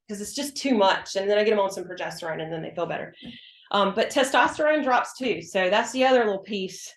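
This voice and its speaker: A woman's voice: medium pitch, fast talker. Chatty woman explaining in a roomy space. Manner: chatty, emphatic, acts out patient exchanges. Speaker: hormone health practitioner. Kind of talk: casual interview explanation. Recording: roomy echo.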